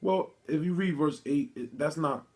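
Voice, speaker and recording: A man giving an informal video sermon, reading scripture haltingly and preaching in casual street talk, calling his listeners "man" again and again. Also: fairly high pitch. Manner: reads scripture aloud haltingly, with restarts. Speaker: religious teacher. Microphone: phone or camera mic.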